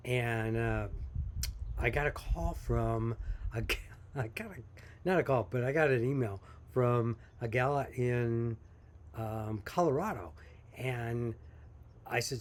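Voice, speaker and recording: A man's voice: mid-range voice, takes it slowly, long pauses. Folksy, chatty small-business man. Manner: folksy, chatty, laughs while telling stories. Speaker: coffee company owner. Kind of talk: casual storytelling to camera.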